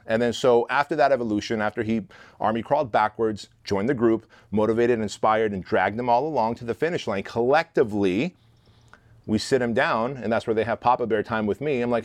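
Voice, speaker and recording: A man's voice: medium pitch, fairly quick, no room sound. Blunt, profane man telling stories. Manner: blunt, profane, animated storytelling. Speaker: guest, leadership instructor. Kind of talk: storytelling interview talk.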